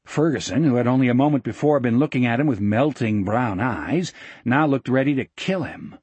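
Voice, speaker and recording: A man narrating a novel as an audiobook in a steady, measured storytelling voice. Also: medium pitch, slightly rough, no room sound. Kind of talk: scripted narration.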